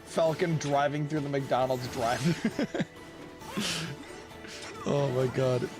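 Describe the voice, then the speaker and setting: A young man streaming a video game tournament, commentating with excited exclamations, laughter and quick character voices. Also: mid-range voice. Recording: game music playing behind.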